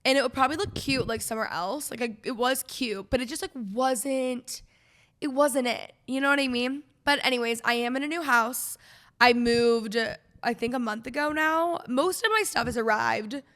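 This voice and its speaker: A woman's voice: high-pitched, moderate pace, a bit bright. A young woman hosting a casual solo podcast from her living room, rambling and chatty with lots of "like". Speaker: podcast host.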